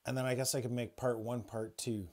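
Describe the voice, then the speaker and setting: A man's voice: mid-range voice, level tone, fairly quick, a little mellow. A man livestreaming from home, rambling and swearing freely with many restarts as he tells a personal story. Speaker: spiritual livestreamer.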